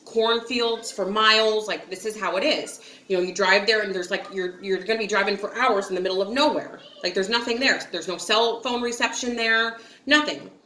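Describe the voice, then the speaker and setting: A woman's voice: medium pitch, normal speed, hardly any pauses, sharp tone, roomy sound. A woman from upstate New York telling a story to her viewers in a chatty, giggly way, acting out quotes and filling with likes and ums. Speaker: vlogger. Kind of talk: casual storytelling to camera.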